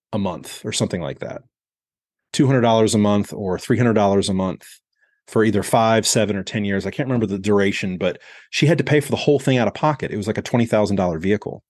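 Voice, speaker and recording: Low-voiced man telling a candid story. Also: no room sound, clean studio sound. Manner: reflective, candid, slows down on heavy moments. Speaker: podcast host. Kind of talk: storytelling on a sales podcast.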